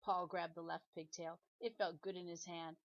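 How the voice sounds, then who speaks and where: A woman teacher reading a children's chapter book aloud with expressive storytelling. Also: on the low side, normal speed, lo-fi sound.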